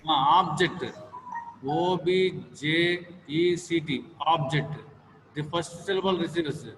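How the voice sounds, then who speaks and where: A male teacher with an Indian English accent drills his students slowly, repeating each word and filling his pauses with "uh." His voice sits a little high for a man. It rings with a long hall reverb over a faint room hum. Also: a bit bright. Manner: slow and repetitive, with many "uh" fillers and drills. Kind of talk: classroom lecture on word stress. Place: classroom.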